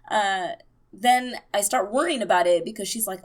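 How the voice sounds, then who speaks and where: A young woman giving a casual, excitable TV episode recap, full of fillers. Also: mid-range voice, moderate pace. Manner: chatty and excitable, many fillers. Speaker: TV recap vlogger.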